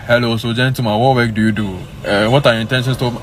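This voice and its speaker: A man's voice: medium pitch, steady tone, a little hiss or hum, pitched below the performer's own voice, close to an everyday voice. A man voicing a stern older father who questions his daughter's date in a put-on accent, firing off blunt questions. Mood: interrogating. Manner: blunt, rapid-fire questioning.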